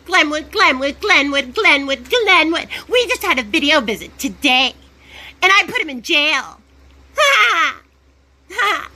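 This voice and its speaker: Very high, bright, giddy woman. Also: sing-song, normal speed. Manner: giddy, defiant, profane. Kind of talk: casual vlog talk.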